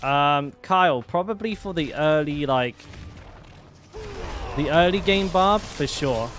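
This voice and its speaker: A man's voice: on the high side, takes it slowly, fairly bright tone. A young man chatting casually while streaming a game, rambling with lots of fillers and restarts. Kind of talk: casual live-stream chat.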